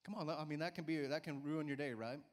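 A man in his forties preaching a sermon in a church, energetic and coaxing, often urging listeners with "come on.". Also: fairly high pitch, fast. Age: 40s. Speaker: pastor. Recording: church hall reverb.

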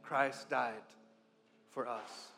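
A man preaching a sermon, impassioned, swinging between loud and hushed, often repeating and restarting words. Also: medium pitch, fairly even intonation, extremely slow, creaky. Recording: long hall reverb with faint music.

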